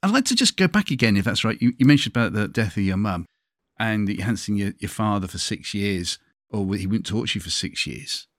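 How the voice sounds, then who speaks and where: A British man hosting an interview, with a fairly low voice and a dry, close recording. He asks his questions in a polite, attentive, gently probing way. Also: animated, a little fast, no room sound. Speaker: interview host. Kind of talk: conversational interview.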